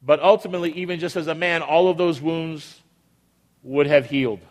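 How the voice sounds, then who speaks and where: High-voiced preacher in a reverberant hall. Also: male voice, fairly even intonation. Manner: emphatic preaching with dramatic pauses and repetition; acts out quoted voices of biblical figures. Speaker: pastor. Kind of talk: sermon.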